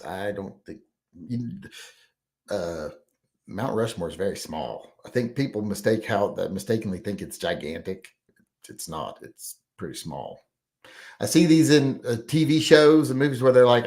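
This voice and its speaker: A man hosting a casual live chat, reading out viewer comments and rambling between them with frequent fillers and throat clearing. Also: fairly low pitch, animated, a little slow, darkish tone.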